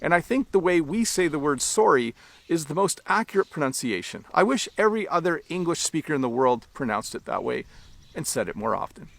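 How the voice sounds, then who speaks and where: A Canadian man teaching English online, explaining clearly and at a measured pace for learners. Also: on the high side, sing-song, a bit bright, no echo.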